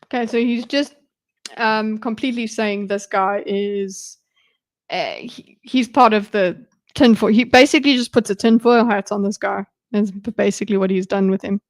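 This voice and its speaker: A woman's voice: mid-range voice, fairly even intonation, normal speed, no room sound. A woman streaming live commentary on a debate video, chatty and giggly, talking back to the clip.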